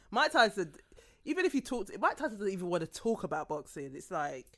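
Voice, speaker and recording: A woman chatting casually about celebrities, skeptical and quick to laugh and cut in. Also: lowish voice, very animated, fairly bright tone. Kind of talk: casual gossip chat.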